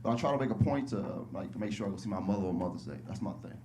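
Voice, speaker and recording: A male stand-up comedian telling stories casually on a club stage, slipping into high-pitched voices when he quotes people. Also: lively intonation, racing, background noise. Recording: live club recording with audience laughter.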